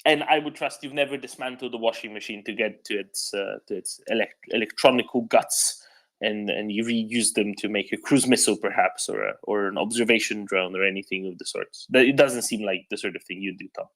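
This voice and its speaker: A man's voice: lowish voice, fairly quick, a bit bright, poor audio. A man hosting a casual chat, teasing his guest with joking quips. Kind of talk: casual chat on a live audio chat.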